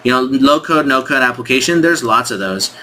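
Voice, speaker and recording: Bright-voiced man thinking aloud. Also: medium pitch, expressive, brisk, slight background noise. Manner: thinks aloud with many restarts; frank, critiques scripts directly. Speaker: sales coach. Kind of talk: casual screen-share walkthrough.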